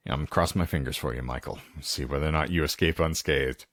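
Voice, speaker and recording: A man's voice: rumbling low, fairly quick, hardly any pauses, fairly bright tone, no echo, clean studio sound. A man co-hosting a podcast, chatting casually and rambling through film plot recaps with lots of fillers. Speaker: podcast co-host. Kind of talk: casual chat about films.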